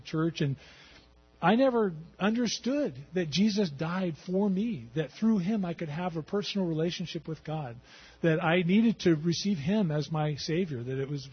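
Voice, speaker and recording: A middle-aged man telling his personal faith testimony in a conversational, halting way, with fillers and restarts. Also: sits high, breathy edge. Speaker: Christian testimony speaker. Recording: dull lo-fi sound.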